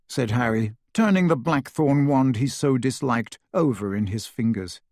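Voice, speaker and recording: A man narrating an audiobook with an expressive reading, recorded close to the mic. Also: medium pitch, moderate pace, hardly any pauses, no echo.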